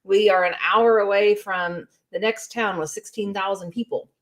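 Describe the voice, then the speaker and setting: A woman chats casually, spinning everyday stories with lots of fillers. Her mid-pitched voice sounds natural and plain. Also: steady tone, normal speed. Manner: chatty storyteller with many fillers. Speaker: co-host. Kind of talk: casual chat.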